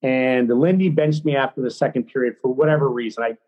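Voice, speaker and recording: A middle-aged man, a former hockey player, telling a story as a podcast guest in a blunt, excitable, profane way. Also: mid-range voice, brisk, highs cut off. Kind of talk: casual storytelling.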